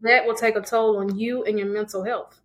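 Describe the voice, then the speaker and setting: A woman's voice: mid-range voice, level tone, normal speed. A woman on a casual podcast speaking in an earnest, reflective way. She talks steadily as she offers advice. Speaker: podcast co-host. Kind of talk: casual chat.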